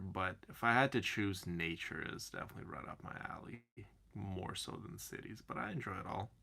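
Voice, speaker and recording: Male streamer, low gravelly voice, slow, rambly chat with viewers by name. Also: bright, forceful tone. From Canada. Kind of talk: casual chat.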